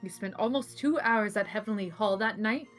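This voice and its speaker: A woman voicing a cool, haughty male prosecutor in a measured, composed manner as she reads game dialogue aloud. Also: medium pitch, faint music behind, lightly acted.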